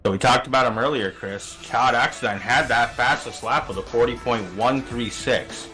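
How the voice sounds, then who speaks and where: A man's voice: medium pitch, moderate pace, sharp tone, faint music behind. A middle-aged man calling a sim racing broadcast in a chatty, easygoing way, reading out the starting grid. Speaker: race commentator.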